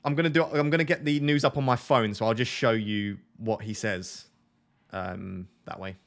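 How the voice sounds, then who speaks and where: An excitable man talking through a live stream in a fairly low voice. He trips over his words and restarts sentences as he clicks along. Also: moderate pace.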